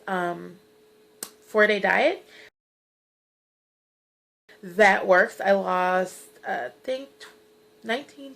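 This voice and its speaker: A woman in her thirties with a mid-range, creaky, fairly bright voice talks earnestly in a personal weight-loss vlog, sometimes tearful. She encourages her viewers and uses lots of fillers, on a low-quality recording.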